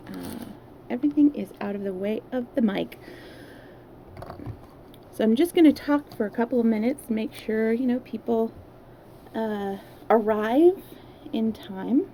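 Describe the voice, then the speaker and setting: A woman with a Californian accent chats in a rambling way and reads a novel aloud on a livestream. Her voice is mellow, with a gravelly edge. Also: a little high, measured pace, pauses often, slight background noise. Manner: chatty, rambling, many fillers. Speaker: livestream storyteller. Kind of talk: casual chat and read-aloud.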